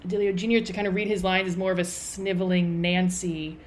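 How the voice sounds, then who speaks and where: A woman's voice: lowish voice, level tone, a little fast. Chatty woman sharing film trivia. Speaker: podcast co-host. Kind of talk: casual movie review chat.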